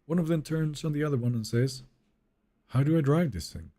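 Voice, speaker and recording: A man's voice: a little high, fairly quick, warm tone. A man streaming a game live, chatting casually and reading viewer messages aloud in a wry, joking way that trails off into mumbles.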